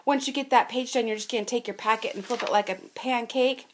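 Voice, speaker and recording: A woman's voice: on the high side, fairly even intonation, fast talker. A woman teaching fourth graders a reading lesson from home, explaining patiently in a sing-song way and stretching out sounds. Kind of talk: remote lesson to children.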